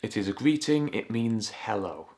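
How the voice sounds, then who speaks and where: A man's voice: lowish voice, expressive, a little mellow. A man from Leeds with a Leeds Yorkshire accent, teaching an English lesson and acting out short local phrases as examples. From Leeds, England. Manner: explains slowly, acts out short Yorkshire phrases. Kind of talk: scripted language lesson.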